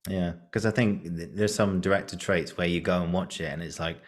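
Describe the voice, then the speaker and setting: Man, deep voice, easygoing reflective podcast host. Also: fairly even intonation, a little fast. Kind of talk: casual podcast chat.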